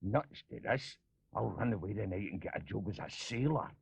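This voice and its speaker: Gravelly Glaswegian cartoon hero. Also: male voice, lowish voice, moderate pace, dry recording, heavily acted. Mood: wry. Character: cheeky young Glasgow cartoon hero narrating his life, male. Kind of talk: radio play reading. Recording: dull lo-fi radio recording.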